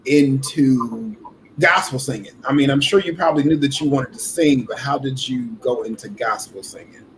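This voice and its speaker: A man's voice: mid-range voice, normal speed, a little hiss or hum, rough recording. A man hosting a casual interview, chatty and laid-back, laughing easily. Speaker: podcast host.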